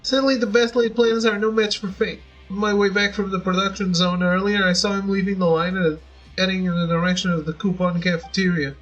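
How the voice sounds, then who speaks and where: A man's voice: sits high, little pitch movement, a little fast, fairly bright tone, muffled recording, faint music behind. A man voicing a fussy, unlucky middle-aged father with old-fashioned, rambling speech. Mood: rueful. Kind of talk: reading game dialogue aloud.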